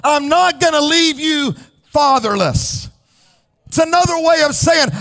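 A male pastor delivering an impassioned sermon, rising into shouts and sung, chanting cadences. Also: very high-pitched, lively intonation, unhurried. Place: church sanctuary.

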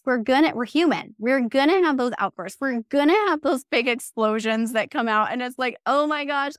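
A woman's voice: on the high side, no room sound, clean studio sound. A woman in her thirties, a therapist speaking earnestly in a podcast interview, acting out quoted phrases as she explains. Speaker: guest, somatic therapist and mindset coach.

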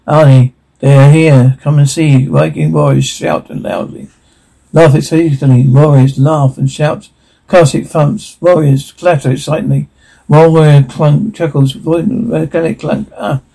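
A man reading audio description, voicing sound cues and dialogue in a flat, even way. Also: on the high side, creaky, low-quality recording.

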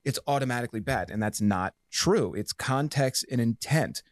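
A man's voice: medium pitch, animated, normal speed, dry recording, clean studio sound. A man talking as a podcast guest in casual chat, emphatic and profane, rambling with lots of fillers.

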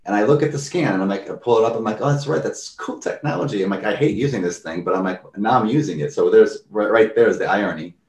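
Speaking fast with hardly any pauses, this man has a fairly low voice, and the recording is distant and reverberant. He chats casually about mindfulness, telling everyday stories like an animated storyteller and acting out how people reacted.

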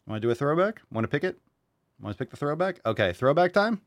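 A man's voice: on the high side, animated, racing, no echo, studio quality. A man hosting a podcast, playful and teasing, cooing at his dog between bits. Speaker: podcast host. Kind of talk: casual chat.

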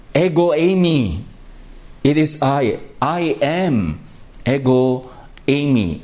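A Filipino-accented man delivers a sermon in a slightly high voice with a darkish tone. He speaks slowly and reflectively, his emphasis rising on key words and phrases.

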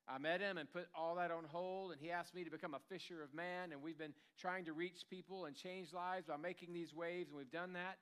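A man preaches a sermon in a church, talking to his congregation like he is telling them a story. His voice sits a little high for a man and sounds clear and smooth. He slips into the voices of the people he describes. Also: a little fast, a bit bright. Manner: conversational storytelling, acting out quotes. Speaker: pastor.

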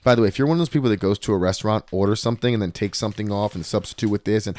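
A man in his thirties talks bluntly on a podcast, voice pitched on the low side. He tells his stories with animation and slips into other people's voices. The sound is dry and close. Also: racing, few pauses, darkish tone, dry recording. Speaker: podcast host. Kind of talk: casual podcast chat.

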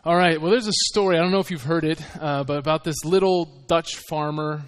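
A fairly high-voiced man preaching a sermon as a visiting missionary. He speaks earnestly and conversationally, often pausing and restarting mid-thought. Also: steady tone.

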